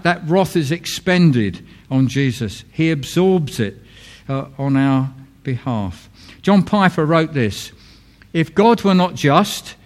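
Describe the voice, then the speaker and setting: A man preaching a sermon in an earnest, plain-spoken way, repeating key phrases and dropping his voice low for emphasis, with casual asides to the congregation. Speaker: pastor.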